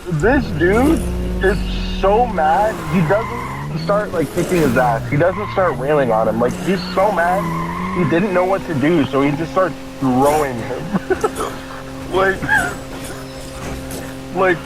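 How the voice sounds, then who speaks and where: A man's voice: fairly high pitch, expressive, takes it slowly, creaky, loud music behind the voice, rough recording. A man giving casual gaming commentary, rambling through a story with lots of swearing. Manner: rambling, swears a lot, frequent laughs.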